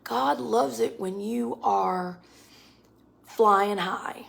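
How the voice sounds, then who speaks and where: A woman in her forties giving a casual spiritual talk in a slangy, animated way, often laughing. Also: medium pitch, extremely slow, vocal fry. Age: 40s. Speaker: spiritual speaker.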